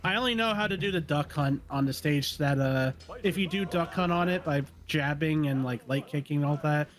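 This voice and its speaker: A man's voice: on the high side, fairly quick. A man casually chatting with friends during a fighting game stream, meandering with ums and likes. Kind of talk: casual chat.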